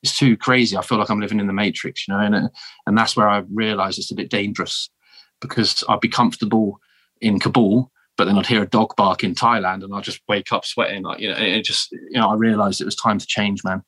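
A man with a southern English accent, a guest telling animated, self-deprecating stories in a casual interview. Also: on the low side, fairly quick, breathy edge. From south of England. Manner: animated, self-deprecating storyteller with frequent restarts. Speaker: guest, former Marine turned teacher.

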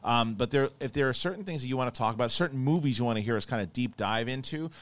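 A man's voice: mid-range voice, fast talker, fairly bright tone. A man hosting a podcast, chatting casually and rambling with many restarts and repeated words. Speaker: podcast host. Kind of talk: casual chat.

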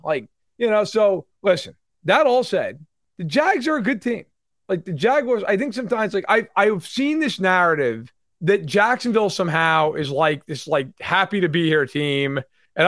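A man co-hosting a sports podcast in casual chat, animated, acting out fans in loud mock voices. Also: high-pitched, a little fast, no echo, studio quality. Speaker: podcast co-host.

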